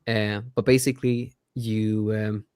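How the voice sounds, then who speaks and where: Excited, rambling man with a dry sound. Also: lowish voice, measured pace, clear, resonant tone, dry recording. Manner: rambling, excited, loses track of names, laughs often. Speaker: podcast co-host, app developer. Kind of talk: casual podcast chat.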